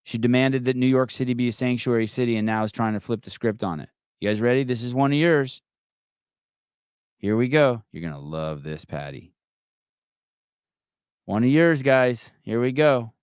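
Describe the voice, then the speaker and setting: A man's voice: medium pitch, a little fast, a little mellow, clear, resonant tone, no room sound, clean studio sound. A middle-aged man hosting a live call-in podcast, brash, mocking and profane in casual chat. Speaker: podcast host.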